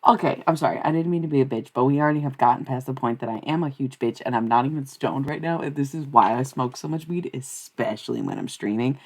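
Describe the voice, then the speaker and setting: A woman's voice: extremely low pitch, quick pace, hardly any pauses, a little mellow. A young woman streaming live, chatting casually with her viewers in a blunt, profane, rambling way. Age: young adult. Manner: profane, blunt, swings between ranting and laughing. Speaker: streamer and tarot reader.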